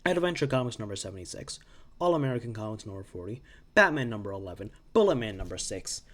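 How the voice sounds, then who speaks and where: A man's voice: lowish voice, fast. Rambling young man recapping comics. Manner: rambling, self-interrupting, animated asides. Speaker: comics reviewer. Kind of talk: casual recap monologue.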